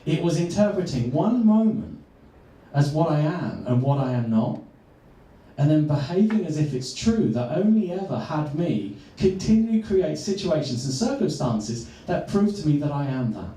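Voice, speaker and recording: A man, a coach, telling a personal story earnestly and slowing down for emphasis. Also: a little high, big pitch swings, dark tone. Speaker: transformational coach. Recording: echoey room, far from mic.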